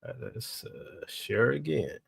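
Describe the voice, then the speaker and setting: A man's voice: medium pitch, sing-song, slow, gravelly, fairly bright tone, husky, dry recording, studio quality. A man hosting a ministry livestream in a chatty, casual way, checking in with his viewers and often repeating himself.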